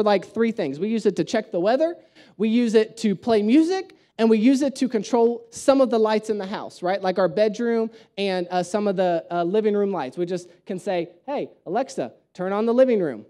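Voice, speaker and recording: High-voiced young man preaching with humor. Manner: animated, joking storyteller. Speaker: pastor. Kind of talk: conversational sermon.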